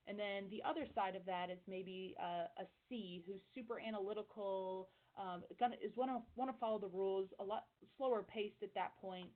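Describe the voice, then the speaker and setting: A woman volleyball coach talking fast and energetically in a casual interview, over a tinny phone-like line. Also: medium pitch.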